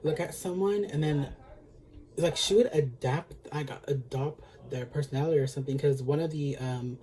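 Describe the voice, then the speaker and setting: A man's voice: on the high side, normal speed, dark tone, a little hiss or hum. A man recapping a TV episode in a chatty, sassy way, with lots of filler words and free swearing. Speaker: beauty vlogger.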